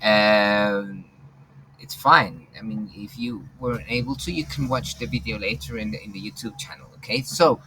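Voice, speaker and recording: A man's voice: on the low side, moderate pace, noisy background. A man teaching an online English class, encouraging his students in a hesitant way over a video call.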